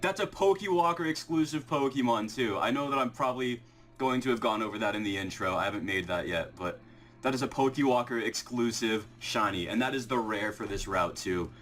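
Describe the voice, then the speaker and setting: Heart racing and shaking with excitement, a young man who makes shiny-hunting videos records a live reaction vlog. He shifts between ecstatic shouts and laughter and fast, low explanations, muttering counts quietly, his voice shaky and breathless.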